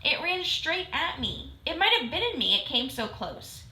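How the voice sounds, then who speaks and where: Woman doing a shrill frightened housewife. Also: very animated, normal speed, sharp tone, full character voice. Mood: indignant. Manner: shrill and agitated. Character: excitable frightened human housewife. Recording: roomy echo.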